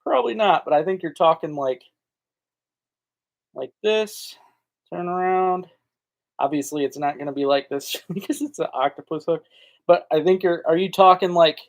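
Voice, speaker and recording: A man's voice: fairly high pitch, normal speed. A man hosting a live fishing chat, talking in a folksy, rambling way and answering viewers' comments. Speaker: fishing channel host. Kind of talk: casual live-stream chat.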